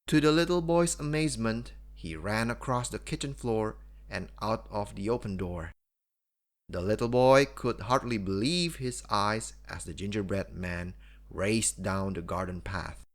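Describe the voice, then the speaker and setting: A man reading a children's bedtime story aloud, with expressive storybook narration. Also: fairly low pitch.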